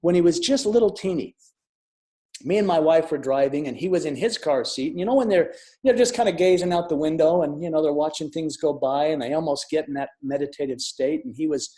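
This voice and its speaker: Middle-aged man, earnest personal storytelling, mellow warm tone, slightly high voice, reflective, soft drops in volume. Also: a little fast. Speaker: speaker sharing a near-death experience. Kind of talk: personal storytelling talk with audience questions. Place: online summit talk.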